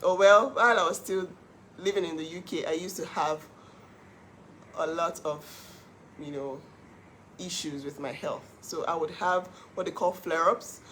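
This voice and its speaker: A woman who sells cookware, talking casually on a livestream in an animated, emphatic way and laughing often. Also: fairly low pitch, a little slow, slight background noise. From Nigeria. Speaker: cookware seller hosting a livestream.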